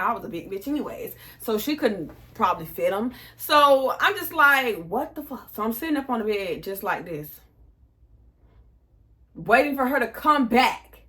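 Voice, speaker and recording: Bright-voiced young woman telling a storytime. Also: fairly high pitch, normal speed. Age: 20s. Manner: animated, profane, acts out quotes. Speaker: vlogger. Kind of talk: casual storytime.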